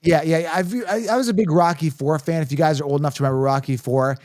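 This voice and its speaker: A man hosting a casual sports podcast, energetic and hype-driven, laughing often. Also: on the high side, fast, no room sound, studio quality. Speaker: podcast host.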